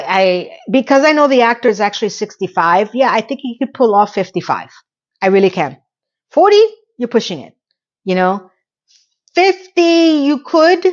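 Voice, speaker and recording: A woman's voice: on the high side, highs cut off. A woman recapping a TV episode, ranting with exasperated, incredulous rhetorical questions. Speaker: TV recap reviewer.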